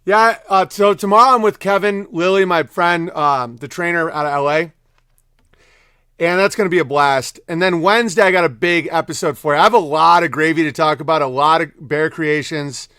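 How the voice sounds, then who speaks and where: Male stream host with a high voice, reads viewer tips and riffs casually, dry close-miked sound. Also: pushed and bright, clear, resonant tone, no echo. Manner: loose, rambling, laughs often, shifts between quick and drawn-out phrasing. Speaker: podcast host reading viewer messages. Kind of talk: casual livestream chat.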